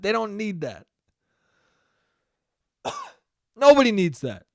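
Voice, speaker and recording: Male podcast host, profane solo comedy rant, clear slightly high voice, close dry mic. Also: animated, takes it slowly, long pauses, darkish tone, no echo. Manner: profane, ranting, laughs at own jokes.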